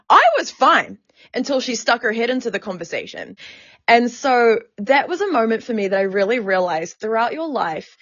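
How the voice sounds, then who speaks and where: Frank, animated woman podcast host. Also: fairly high pitch, moderate pace, no room sound, muffled recording. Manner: frank, animated, swears freely. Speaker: podcast host and sex worker activist. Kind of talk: candid podcast storytelling.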